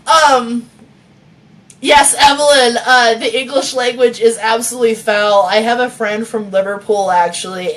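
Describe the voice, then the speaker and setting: A woman author with a mid-range, slightly bright voice reads her novel aloud and chats with viewers on a phone mic. She laughs often and swears freely.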